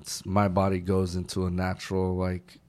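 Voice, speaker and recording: Low-voiced guy, swears a ton, telling war stories on a podcast and yelling out the loud bits. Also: moderate pace. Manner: profane, animated retelling with shouted bursts. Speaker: guest, army veteran. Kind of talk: casual storytelling.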